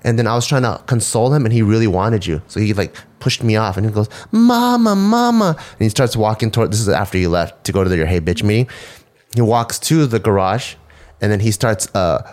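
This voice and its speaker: Man podcast co-host, slightly low voice, animated anecdotes, curses casually. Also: brisk. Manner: animated storyteller, swears, jumps high when imitating a toddler. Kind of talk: casual podcast chat, storytelling.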